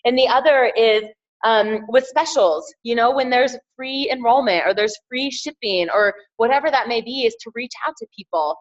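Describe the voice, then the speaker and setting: A woman's voice: fairly high pitch, normal speed, lo-fi sound. A woman giving an upbeat motivational training talk as a team trainer, encouraging her listeners and repeating key phrases.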